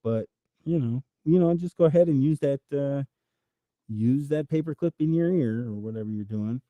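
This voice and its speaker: A man's voice: mid-range voice, normal speed, no room sound, lo-fi sound. A man hosting a livestream, reading chat and riffing through improvised comic rambles that swear freely.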